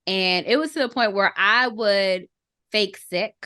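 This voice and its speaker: A woman's voice: medium pitch, no echo, studio quality. A woman in her thirties telling a personal family story in a podcast conversation, reflective and earnest, holding back emotion. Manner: reflective and earnest, often slows down to choose words; holding back emotion, softening at tender moments.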